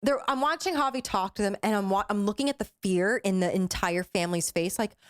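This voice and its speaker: A young woman co-hosting a podcast, telling a story casually, animated and full of fillers, acting out what people said. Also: mid-range voice, brisk. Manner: animated, acts out quoted voices, filler-heavy. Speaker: podcast co-host.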